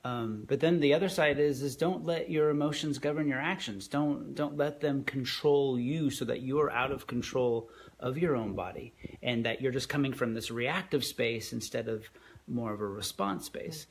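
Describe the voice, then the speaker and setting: A man's voice: medium pitch, moderate pace, gravelly, a little hiss or hum. A man co-hosting a podcast, talking reflectively about relationships and often restarting his sentences. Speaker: podcast co-host. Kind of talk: conversational relationship advice.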